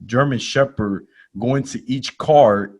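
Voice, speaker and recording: A male podcast host telling a comic story in casual slangy talk, laughing along and jumping to loud exclaims when he quotes himself. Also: mid-range voice, slow pace. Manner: animated, jumps to loud exclaims in quoted lines.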